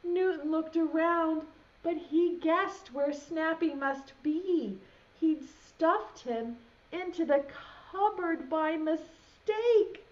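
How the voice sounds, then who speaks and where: A woman's voice: very high voice, slow. A young woman who teaches preschool, reading a picture book aloud to small children and asking them questions. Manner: animated, asks children questions. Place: home, video lesson. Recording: dull lo-fi sound.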